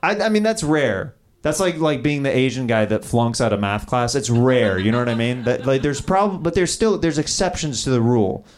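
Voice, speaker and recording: A man's voice: medium pitch, lively intonation, moderate pace, hardly any pauses, slight background noise. A man doing improvised stand-up, riffing and teasing the audience on a comedy club stage. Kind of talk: improvised stand-up crowd work. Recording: live club with laughing crowd.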